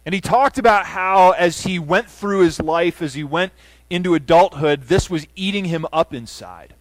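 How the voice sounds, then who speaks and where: High-voiced preaching man, dry sound. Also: moderate pace, no echo. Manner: earnest preaching with rising emphatic runs and soft low endings. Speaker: pastor. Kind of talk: sermon. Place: church sanctuary.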